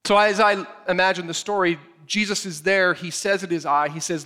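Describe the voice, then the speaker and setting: A man preaching a sermon, retelling a scripture story with animated, acted-out storytelling. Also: high-pitched, fast, few pauses. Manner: animated storytelling, acts out the scene. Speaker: pastor.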